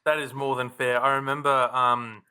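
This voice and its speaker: Male host, very bright tone, chatty and playful, video-call podcast. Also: mid-range voice, flat delivery, moderate pace, smooth. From Australia. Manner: chatty, jokey, scripted opening questions. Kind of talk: casual sports podcast chat.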